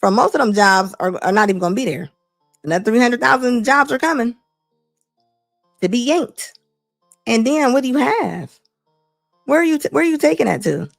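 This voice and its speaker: A middle-aged woman hosting a talk show, giving blunt, animated opinion commentary and laughing often. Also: fairly high pitch, moderate pace, vocal fry, long pauses, no echo, clean studio sound, soft background music. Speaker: host.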